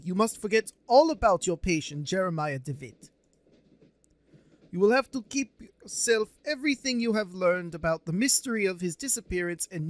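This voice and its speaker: A man's voice: sits high, no echo. A man voicing a solemn middle-aged male psychiatrist with a put-on German accent that slips toward Russian. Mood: grave. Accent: put-on German, drifting toward Russian. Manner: slow, earnest, formal warnings.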